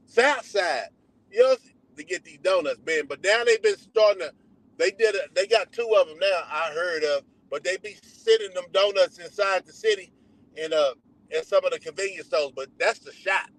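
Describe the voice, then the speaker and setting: A Texan man livestreams from his car in a donut shop drive-thru, drifting between topics in loose, slangy talk. His voice is high, and the audio quality is poor.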